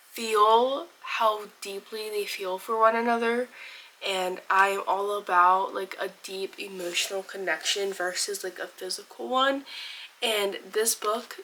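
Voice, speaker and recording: A woman's voice: medium pitch, sharp tone, a little hiss or hum, poor audio. A woman in her twenties talking casually in a reading vlog, chatty and gushing with many fillers. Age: 20s. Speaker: book vlogger.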